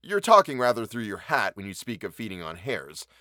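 A man voicing a prim, fussy gentleman landowner who questions in a brisk, authoritative way. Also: fairly low pitch, wildly swooping pitch, dry recording, clean studio sound, exaggerated voice.

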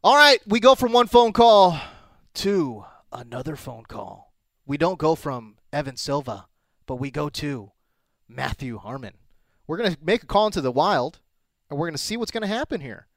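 A man hosting a sports podcast, chatting in a joking, energetic way. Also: fairly high pitch, moderate pace, no room sound, studio quality. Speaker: podcast host. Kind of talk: casual podcast banter.

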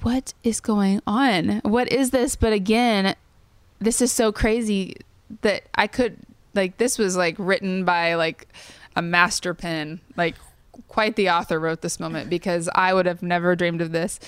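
A woman's voice: lowish voice, fairly even intonation, measured pace, fairly bright tone, clean tone, no echo. A woman in her thirties telling a personal story in a casual interview, earnest and full of fillers. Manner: chatty, many "like" fillers, earnest. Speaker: songwriter guest.

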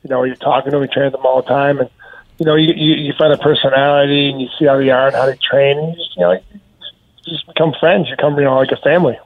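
A man calling in to a casual interview, answering in a relaxed way with many fillers, over a tinny phone line. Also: mid-range voice, fast talker, no echo. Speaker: caller, athlete guest.

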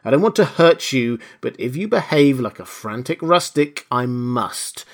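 A man's voice: mid-range voice, lively intonation, measured pace. A man voicing a desperate, wounded invisible man who speaks with urgent, threatening insistence. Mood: insistent. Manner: urgent, pleading yet threatening.

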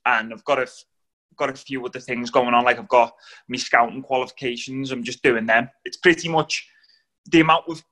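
A Liverpool-accented man in his thirties talks through his career in a relaxed, chatty way, laughing easily. His voice is bright and clear at an ordinary pitch. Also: fairly quick. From Liverpool, England. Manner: easygoing, laughs often, says "mate" a lot. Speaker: former footballer, podcast guest. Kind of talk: casual interview chat.

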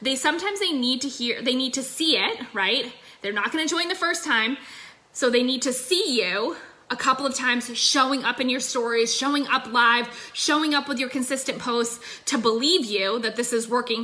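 Here a young adult woman with a high voice and sharp tone gives upbeat sales coaching into her phone. The talk is a casual livestream session, chatty and full of fillers.

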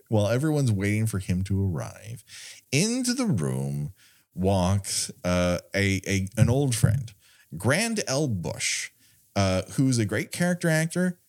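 Low-voiced man riffing sarcastically on a movie. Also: a little mellow. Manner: wry, sarcastic, laughs often. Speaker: podcast co-host. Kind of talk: casual movie riffing chat.

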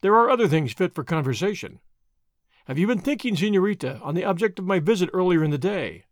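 A man's voice: sits high, lively intonation, fast, no echo, studio quality. A man reading the part of a lazy, ironic young nobleman in an audiobook, drawling and mildly mocking. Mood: languid.

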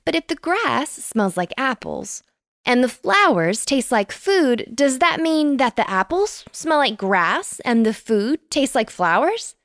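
A woman voicing a polite, curious little girl in a bedtime story, with a high, eager voice. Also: sing-song, a little slow, dry recording, clean studio sound, heavily acted. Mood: amazed.

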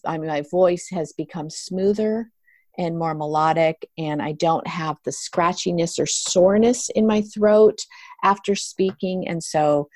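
A middle-aged woman, a yoga therapist, explaining breathing work in a relaxed interview, with many restarts and fillers. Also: low-pitched, dry recording. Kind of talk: conversational interview.

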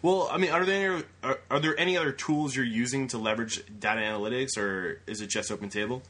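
A man hosting a podcast interview, enthusiastic and encouraging, quick to laugh with his guest. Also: medium pitch, a bit bright, a little hiss or hum. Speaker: podcast host.

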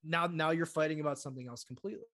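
Animated man telling stories on a podcast. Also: fairly high pitch, very fast, no room sound, clean studio sound. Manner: animated storyteller acting out quoted voices. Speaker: podcast guest. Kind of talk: conversational interview.

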